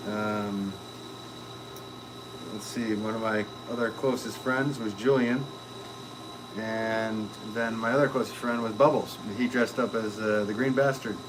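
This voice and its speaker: On a pottery livestream, a middle-aged man with a lowish voice talks unhurriedly, rambling and reading viewer comments aloud with lots of fillers and restarts. He's in a pottery studio, and steady background noise runs under the recording.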